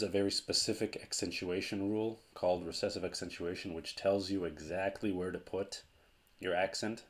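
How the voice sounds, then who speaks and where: A man teaching a language lesson in a patient, explanatory way, repeating key points for emphasis. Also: deep voice.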